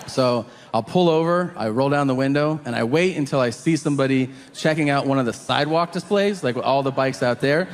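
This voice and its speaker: A man doing a stand-up set, acting out people in loud, high voices. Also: moderate pace. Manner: animated, acts out characters in loud high voices. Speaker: stand-up comedian. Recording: long hall reverb, faint ambience.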